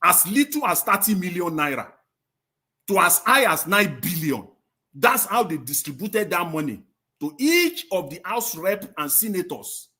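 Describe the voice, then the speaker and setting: A man argues hard as a panelist on a live stream. His voice is bright and cutting, and he pitches slightly high for a man, pushing each point with emphatic, indignant questions. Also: sing-song, a little slow. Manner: impassioned and indignant, with rising, emphatic rhetorical questions.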